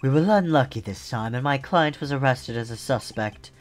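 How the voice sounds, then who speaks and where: A man voicing a courteous, polite assassin with soft menace. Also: mid-range voice, pitched above the performer's own voice, natural voice. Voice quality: measured, mannered politeness. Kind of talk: reading game dialogue aloud.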